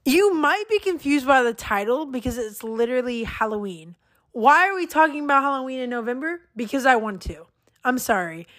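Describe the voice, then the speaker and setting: A young woman hosting her own podcast, talking casually in a chatty, rambling, excitable way. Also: high-pitched. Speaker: podcast host. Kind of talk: casual solo podcast chat.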